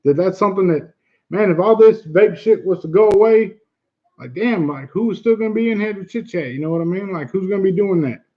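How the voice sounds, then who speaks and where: A man's voice: high voice, expressive, brisk, muffled recording. A man hosting a casual livestream chat, earnest and blunt, who swears easily and repeats himself for emphasis. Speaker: livestream host.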